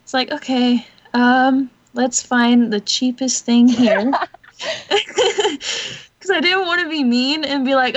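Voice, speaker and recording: A woman's voice: fairly high pitch, measured pace, highs cut off. A young woman chatting casually on a podcast, gushing and giggling, with many fillers and restarts. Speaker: podcast co-host. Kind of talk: casual chat.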